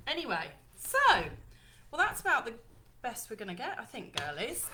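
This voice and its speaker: A woman's voice: a little high, big pitch swings, moderate pace, pushed and bright. Bubbly woman on a live stream. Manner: chatty, bubbly, apologetic, addresses viewers as lovely ladies. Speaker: live-stream host launching her ebook. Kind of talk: casual live-stream chat.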